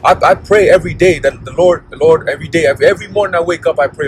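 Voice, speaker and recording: A man's voice: a little high, rapid-fire, slightly rough, soft background music, rough recording. A man giving a blunt, profane preaching monologue, constantly checking in with "okay?" and "all right?". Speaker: religious commentator.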